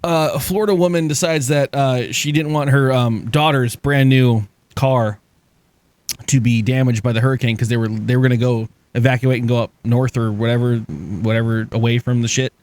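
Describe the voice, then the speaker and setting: A man's voice: mid-range voice, fairly even intonation, normal speed, darkish tone, dry recording. A man on a podcast telling stories in casual chat, swearing freely and acting out the people he quotes.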